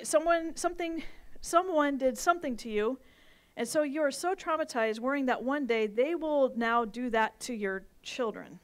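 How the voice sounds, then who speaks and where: Woman pastor, high pitch, lively and playful sermon delivery before a congregation. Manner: animated, playful, with bursts of emphasis. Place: church service with live audience.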